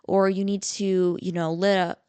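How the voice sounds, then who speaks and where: A young woman in her twenties hosting a casual faith podcast, telling a story in a chatty, lively way with lots of "like" and "you know". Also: medium pitch, normal speed, clean tone, no room sound. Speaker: podcast host.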